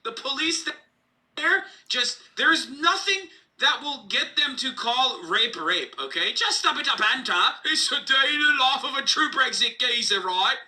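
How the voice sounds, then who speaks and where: A man putting on a mocking, exaggerated British accent as a crude, loud lad. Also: very high-pitched, lively intonation, unhurried, pitched above the performer's own voice, exaggerated voice. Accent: put-on British.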